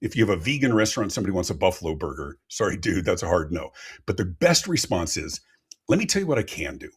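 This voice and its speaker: This man talks quickly in a low, slightly rough voice. He's a customer experience expert being interviewed on a live podcast via remote call, and he tells his stories with lots of energy, often repeating words as each thought begins.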